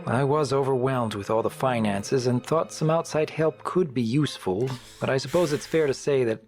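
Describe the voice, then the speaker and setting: A performer voicing a calm, formal pony leader in a fan animation. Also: mid-range voice, faint music behind, close to an everyday voice. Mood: measured. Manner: measured, formal.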